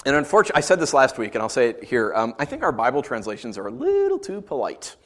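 A man preaching a sermon as pastor. He talks in a conversational, joking way and swings from quiet asides to loud emphasis. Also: medium pitch, huge pitch swings, fast.

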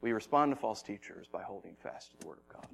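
A man preaching a sermon as pastor, telling stories with lots of energy and acting out shouted voices, then dropping to a soft, low tone for the message and prayer. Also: lively intonation, fast talker, vocal fry.

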